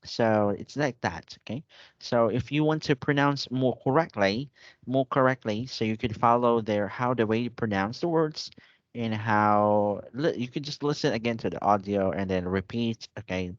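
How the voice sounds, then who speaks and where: A man's voice: mid-range voice, normal speed, no echo. A man teaching an online English lesson, patient and repetitive, checking in often with his student. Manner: patient, repeats and checks with "okay?". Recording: dull lo-fi online call audio.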